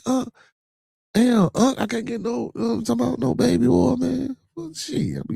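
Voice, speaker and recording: A man's voice: very high voice, animated, normal speed, vocal fry, dark tone, breathy edge, dry recording. A man with a Chicago accent hosting a podcast in loose, streetwise casual chat, full of "you know what I'm saying" fillers and swearing. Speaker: podcast host. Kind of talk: casual podcast chat reacting to news and live comments.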